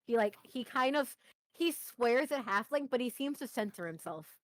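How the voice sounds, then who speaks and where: A woman's voice: on the high side, animated, moderate pace, no room sound. A woman playing a tabletop game, describing her character's actions with frequent laughter and restarts. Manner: laughs often, hesitant restarts. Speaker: player. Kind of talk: casual tabletop play.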